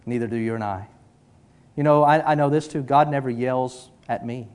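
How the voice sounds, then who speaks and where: A middle-aged male pastor preaching a sermon, telling stories with animated energy and dropping to a hush for emphasis. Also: medium pitch, normal speed, smooth.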